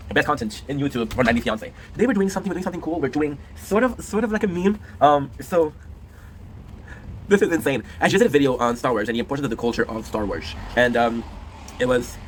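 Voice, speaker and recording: Young male streamer, rapid casual rambling, faint noise behind. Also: mid-range voice. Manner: rambling, repeats phrases and restarts, swears casually. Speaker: gaming YouTuber host. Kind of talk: casual rambling talk to camera.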